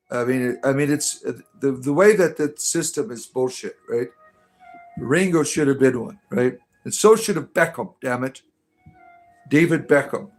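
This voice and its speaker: A man running a casual, irreverent livestream chat, rambling through jokey mock-sermons with stammering restarts. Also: a little high. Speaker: satirical druid streamer answering chat.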